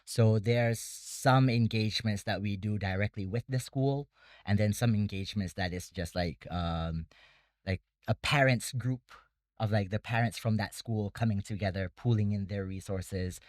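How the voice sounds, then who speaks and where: A man's voice: lowish voice, normal speed, no room sound. A man who runs a debate academy, talking casually in an interview and explaining things step by step with many fillers. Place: Bangkok.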